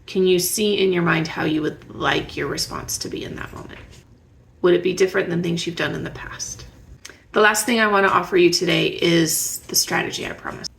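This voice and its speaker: A woman with a strongly gravelly, creaky voice gives parenting advice straight to her viewers. She talks in a conversational way, often stopping to ask them reflective questions. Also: on the low side, steady tone, brisk. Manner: warm, conversational, asks the listener reflective questions. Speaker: parenting educator. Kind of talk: direct-to-camera advice talk.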